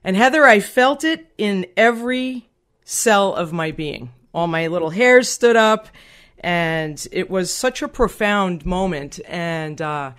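A woman's voice: lowish voice, slow. Middle-aged woman telling a heartfelt story. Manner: animated, heartfelt, acts out quoted voices. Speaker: podcast guest. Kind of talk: personal storytelling in an interview.

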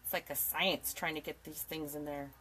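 Chatty bright-voiced woman hosting a craft stream. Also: sits low, fairly even intonation, normal speed, a little hiss or hum. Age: 40s. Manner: chatty and rambling, laughs often, greets viewers by name. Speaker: craft tutorial host. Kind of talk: live-streamed craft tutorial chat. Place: home craft desk indoors. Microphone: camera mic at a desk.

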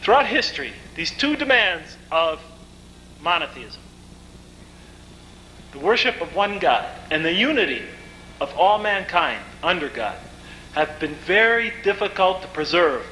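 A man giving a lecture, telling stories in a vivid, animated way. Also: a little high, unhurried, a little hiss or hum, low-quality recording. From United States. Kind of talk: storytelling lecture.

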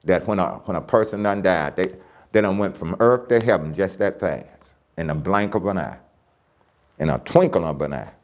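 A man's voice: deep voice, animated, normal speed. A man teaching a church Bible lesson, emphatic and repeating key phrases as he reads scripture aloud.

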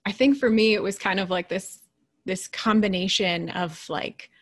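Keynote speaker, woman, thirties to forties, mid-pitched voice, conversational motivational talk that moves between lively storytelling and hushed asides. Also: moderate pace. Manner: conversational and animated, dropping to quiet, hushed asides. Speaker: keynote speaker and leadership coach.

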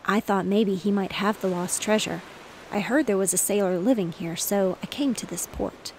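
Dazed old sailor guy, weak and halting, read by a woman, mid-pitched. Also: a little mellow, a little hiss or hum, close to an everyday voice, low-quality recording. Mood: mournful. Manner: faltering, dazed.

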